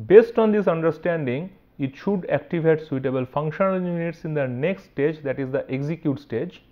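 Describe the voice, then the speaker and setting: A male university lecturer with an Indian English accent walks through technical material step by step, often pausing to ask "right?". His voice sits a little high for a man. The recording sounds dull and lo-fi. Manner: explanatory, with frequent "right" and restarts.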